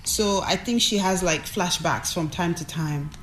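A woman from Nigeria, a record executive, telling a story in an interview in an animated, chatty way with many fillers and quoted asides. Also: fairly low pitch, measured pace, a little hiss or hum.

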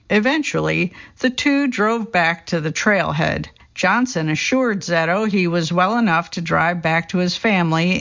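A gravelly, fry-edged voice reads a true story as scripted narration, keeping a steady storytelling pace and folding the quotes into the same delivery. The recording sounds dull and lo-fi. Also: mid-range voice. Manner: steady storytelling read, quoting people in the same voice.

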